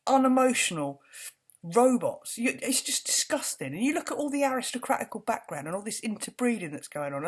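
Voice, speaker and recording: A woman's voice: fairly high pitch, big pitch swings, fairly quick, husky. A woman vlogging an indignant, swearing rant to camera, repeating words for emphasis.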